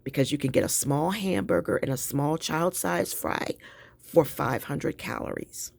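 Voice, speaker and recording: A woman's voice: low-pitched, animated, unhurried, creaky, darkish tone, no echo. A woman telling a story in a chatty, exasperated way, venting to her viewers. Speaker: vlogger. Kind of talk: casual storytelling vent.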